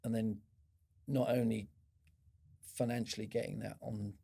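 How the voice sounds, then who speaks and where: A man's voice: fairly low pitch, measured pace, creaky, breathy edge. A middle-aged man, a former procurement executive, speaks as a guest in a podcast interview and tells anecdotes with many restarts. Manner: animated storyteller, many restarts.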